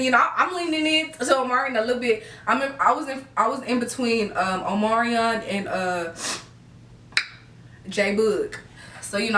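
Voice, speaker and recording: A woman's voice: fairly high pitch, pushed and bright. Giggly young woman. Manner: gushing, giggly, talks straight to viewers. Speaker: vlogger. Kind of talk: excited casual storytelling. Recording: echoey room, a bit far from the mic.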